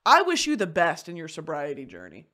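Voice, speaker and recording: A woman voicing a fed-up young woman who is walking out on her partner, speaking in a cold, flat, firm way. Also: low voice, a little fast, exaggerated voice.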